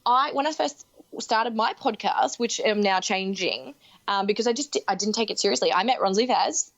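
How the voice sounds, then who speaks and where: A woman hosting a podcast, talking enthusiastically in quick bursts and often interrupting herself. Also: medium pitch, fairly bright tone. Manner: enthusiastic, talks in rapid bursts with self-interruptions. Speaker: podcast host. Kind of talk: casual podcast conversation. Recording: dull, muffled podcast audio.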